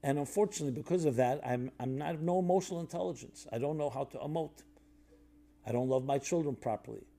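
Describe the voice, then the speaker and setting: With a gravelly voice and a quick pace, a man offers a contemplative sermon-style talk that's casual, peppered with fillers and restarts. For stories, he lowers to a soft, quiet tone.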